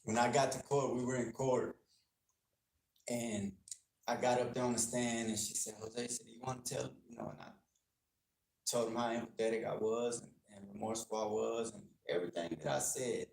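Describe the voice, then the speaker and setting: Gravelly-voiced man telling his story. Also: medium pitch, expressive, moderate pace, darkish tone, slight background noise. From Texas. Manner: earnest, plainspoken, acts out dialogue. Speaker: guest speaker on gang culture. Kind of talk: personal storytelling to an audience. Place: university lecture room. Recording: echoey room, faint clicking.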